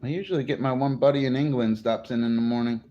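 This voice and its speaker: A man's voice: medium pitch, fairly even intonation, fast, warm tone, muffled recording. Man, laid-back streamer, casual and profane, ordinary mid-range voice. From New Jersey. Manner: laid-back, swears freely, greets chat viewers. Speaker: livestream host. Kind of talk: casual morning livestream chat.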